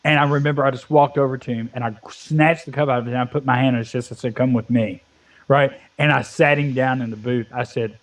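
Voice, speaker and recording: A man's voice: mid-range voice, expressive, fairly quick. A man in his twenties telling a long, profane rant during casual gaming chat, his mic level fading at times. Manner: profane ranting storyteller. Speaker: Minecraft let's play co-host. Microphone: headset or desk mic, volume fading at times.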